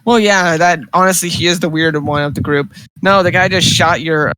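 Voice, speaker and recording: A man's voice: fairly high pitch, steady tone, moderate pace, pushed and bright, smooth, no echo, rough recording. A man playing in a tabletop game, chatting casually with jokey asides. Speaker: player.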